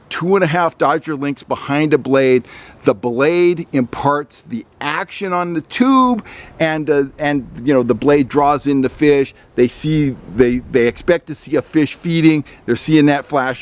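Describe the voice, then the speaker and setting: A middle-aged man explains fishing baits in a relaxed, folksy way, as if talking straight to the camera. His voice sits a little higher than most men's. He often repeats a word while he gathers his thoughts. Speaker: fishing channel host. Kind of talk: instructional talk to camera.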